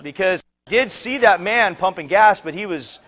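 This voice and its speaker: Man, high voice, pastor, sermon storytelling, rambling, repeats himself. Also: lively intonation, moderate pace, a bit bright. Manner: rambling, repeats words, acts out quoted voices.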